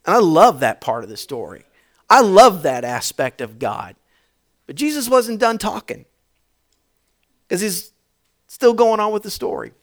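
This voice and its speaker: A man preaching a sermon, telling the story dramatically, shifting between shouts and hushed tones, and putting questions to the congregation. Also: high-pitched, sing-song, measured pace, pauses often. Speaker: pastor.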